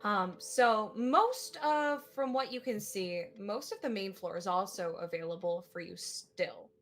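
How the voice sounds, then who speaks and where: Woman GM, slow and bright, narrating with lots of "uh"s, faint music underneath. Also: mid-range voice. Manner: unhurried, filler-heavy narration. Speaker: game master. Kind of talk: narrating a tabletop game.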